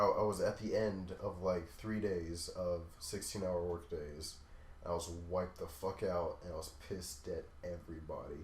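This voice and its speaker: A young man casually telling long, profane work stories on a podcast, acting out the quotes loudly. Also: deep voice. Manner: profane, animated storyteller who acts out quotes loudly. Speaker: podcast co-host. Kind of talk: casual storytelling chat. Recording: echoey room.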